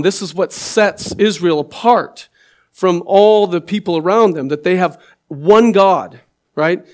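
Male pastor, sermon, slightly high voice, chatty, tag questions, repeats words. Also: moderate pace. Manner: conversational, asks listeners "right?" often; repeats and restarts words while building a point.

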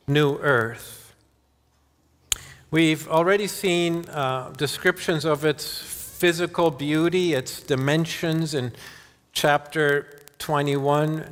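A man's voice: a little high, a bit bright. A man preaching a sermon as pastor, earnest, often repeating words and restarting his sentences. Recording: long hall reverb.

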